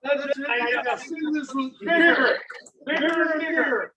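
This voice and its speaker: A man's voice: very high-pitched, moderate pace, pushed and bright. A man leading songs at a club dinner meeting, joking and rambling in a casual way. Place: dinner meeting room with members present. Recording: echoey room from far off with crowd noise.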